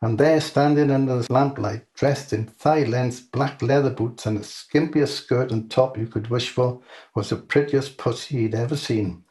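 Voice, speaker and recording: A man reading his own comic short story aloud in a dry, deadpan manner. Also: mid-range voice, normal speed.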